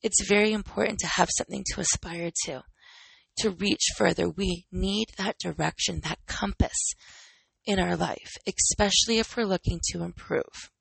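Woman in her 30s, podcast host and trainer; candid chatty monologue with rhetorical questions, slightly husky. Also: fairly low pitch, fairly even intonation, moderate pace, dry recording, low-quality recording. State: recovering from illness.

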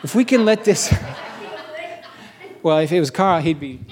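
A middle-aged man preaching a sermon as pastor, animated, slowing down to stress key phrases and rising into rapid questioning bursts. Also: a little high. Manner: slows for emphasis on key phrases.

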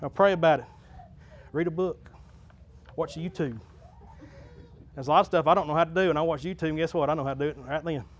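In the church sanctuary, a pastor with a notably high voice gives a folksy sermon, speaking fast with long pauses. He talks plainly to the congregation, builds into loud preaching crescendos, then drops back to a quieter, conversational tone.

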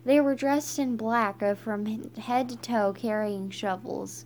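A woman reading a children's book aloud, halting and stumbling with frequent restarts. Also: on the high side, fairly even intonation, darkish tone, a little hiss or hum. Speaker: reader.

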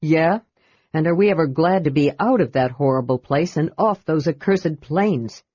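Storybook role: woman playing a big hearty warrior, relaxed delivery. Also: low voice, normal speed, husky, no echo. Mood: plain. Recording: dull dry recording.

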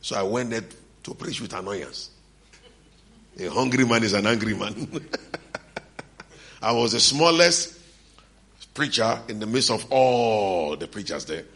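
A middle-aged male preacher with a low voice and a bright, forceful edge. He tells stories from the pulpit and acts out the lines of the people in them. He laughs now and then between lines. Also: animated, unhurried, pauses often. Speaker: pastor. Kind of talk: sermon.

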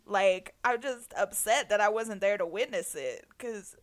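A woman in casual chat, talking in animated, slangy bursts and acting out what others said. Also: medium pitch, measured pace. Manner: animated, slangy, quotes and imitates people. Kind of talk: casual chat reacting to music.

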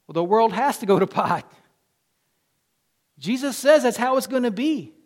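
Man, Southern accent, pastor, sermon, high voice, rises loud then drops quiet. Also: expressive, moderate pace. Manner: preaching with swings from loud to hushed.

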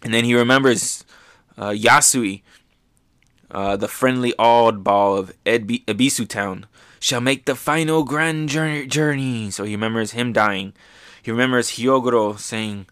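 A man hosting a show, casually recapping manga chapters with excitement, often dropping to a soft voice. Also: mid-range voice, unhurried, clear, resonant tone, dry recording, clean studio sound. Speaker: podcast host.

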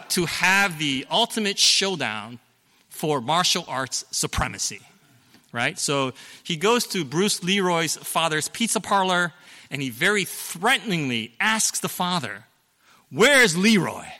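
Middle-aged male pastor, conversational sermon delivery, bright tone, church hall with a long echo. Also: a little high, sing-song, slow pace. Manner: conversational, explanatory, with fillers and self-corrections.

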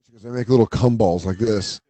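A man's voice: lowish voice, fairly quick, dry recording. A man in a casual chat with friends, laughing and riffing in put-on voices. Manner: animated, laughing, riffs in voices. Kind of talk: casual banter.

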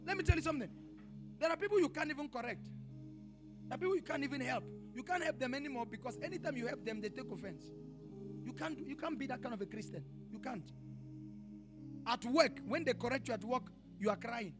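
A man's voice: very high-pitched, moderate pace, long pauses, music in the background. A male pastor preaching a sermon in church, emphatic and repetitive, with rhetorical questions and bursts of tongues. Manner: preaching with rising shouted passages and speaking in tongues. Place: church in Pretoria.

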